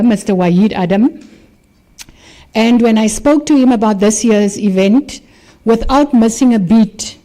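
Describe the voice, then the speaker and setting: A woman's voice: mid-range voice, warm tone. A woman giving a formal welcome and introducing the keynote speaker at a university event. She speaks graciously and mixes in a short personal story, into a podium microphone in a function hall. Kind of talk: formal welcome speech with anecdote.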